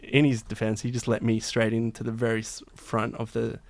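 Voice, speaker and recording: A man's voice: mid-range voice, monotone, fairly quick, no echo. A man tells a long, winding anecdote in a casual chat. He restarts his sentences often and leans on fillers. His voice sits in a middle range, and the sound is dry and close. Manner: rambling, many restarts and fillers. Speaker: guest singer-songwriter.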